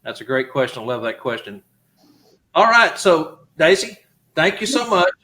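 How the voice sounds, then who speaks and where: A man's voice: fairly high pitch, sing-song, moderate pace, bright, forceful tone. A man hosting a live talk show, putting friendly questions to his guest in casual chat. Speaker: show host.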